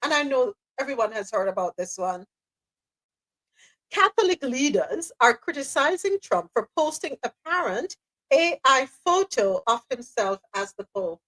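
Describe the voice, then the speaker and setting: A woman's voice: high voice, very animated, unhurried, fairly bright tone, poor audio. A woman hosting a news talk podcast, reading segments with chatty asides. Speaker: podcast host.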